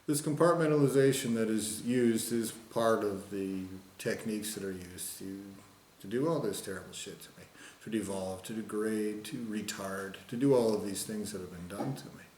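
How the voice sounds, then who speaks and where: A man's voice: fairly low pitch, moderate pace, a little mellow, a little hiss or hum. A man in an angry, profane monologue, insisting with repeated phrases and mocking others in put-on voices. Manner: mocks others with sing-song put-on voices. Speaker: vlogger. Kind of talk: ranting monologue to camera. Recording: roomy echo.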